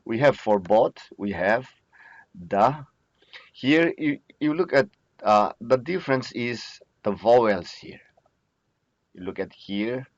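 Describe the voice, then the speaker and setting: Slow, patient man teaching a lesson. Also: mid-range voice, dry recording, highs cut off. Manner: slow, patient explaining with frequent repetition. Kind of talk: recorded lecture.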